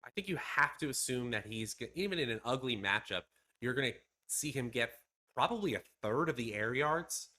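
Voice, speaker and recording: A man analysing fantasy football matchups in a measured, casual way, with fillers here and there. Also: lowish voice, pushed and bright. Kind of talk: casual sports analysis chat.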